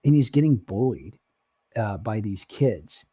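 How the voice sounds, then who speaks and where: A man co-hosting a podcast, telling stories in casual chat and jumping up in pitch when he gets excited. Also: unhurried, husky, dry recording, clean studio sound, faint music behind. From Oregon. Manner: animated storyteller, pitch jumps when excited. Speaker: podcast co-host.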